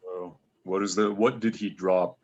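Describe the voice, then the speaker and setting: Deep, terse man playing a tabletop game. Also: fairly even intonation, a little slow, darkish tone. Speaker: player. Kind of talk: in-character tabletop play. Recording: dull lo-fi mic.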